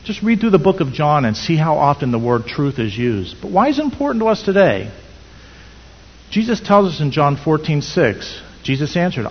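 Man, preacher, husky voice, earnest sermon, long hall echo. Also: a little high, big pitch swings, moderate pace. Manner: earnest, storytelling, rhetorical questions. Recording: dull sound in echoey hall.

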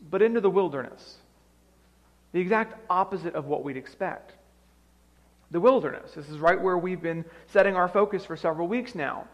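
A man preaching a sermon as pastor, telling the story dramatically with shifting loudness, in a church sanctuary. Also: sits high. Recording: long reverb of a large hall.

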